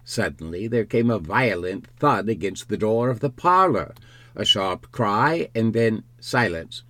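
A man narrating a classic novel in a measured, unhurried storytelling manner. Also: fairly low pitch, expressive, sharp tone, dry recording. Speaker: audiobook narrator.

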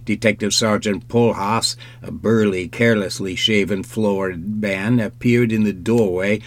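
Reading a scripted audiobook, a lowish-voiced man keeps his narration even and measured as he tells the story.

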